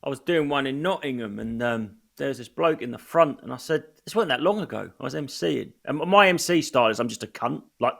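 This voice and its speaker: A man's voice: medium pitch, expressive, brisk, creaky, hardly any pauses, a bit bright. Blunt man telling stories. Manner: blunt, swears freely, tells anecdotes. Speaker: stand-up comedian. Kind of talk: casual chat.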